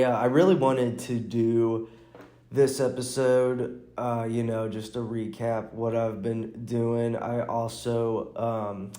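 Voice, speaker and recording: A man in a relaxed solo podcast chat. He talks slowly, wanders from thought to thought, and breaks off sentences with small chuckles. His fairly low, mellow voice rings in a roomy, echoing space. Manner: rambling, restarts sentences, chuckles. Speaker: podcast host and stand-up comic. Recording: roomy echo.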